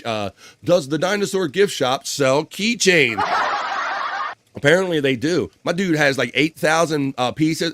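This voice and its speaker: A man's voice: fairly high pitch, animated, unhurried, a bit bright, dry recording. A man hosting a live stream, joking loosely and cursing often as he reads viewer comments and news stories aloud. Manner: loose, profane, joking banter with frequent laughs.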